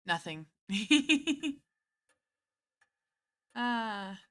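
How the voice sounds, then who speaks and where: A woman's voice: on the high side, expressive, drawn-out words, pushed and bright. A woman streamer casually reading and chatting through a story game, laughing often. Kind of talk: casual let's-play commentary and reading.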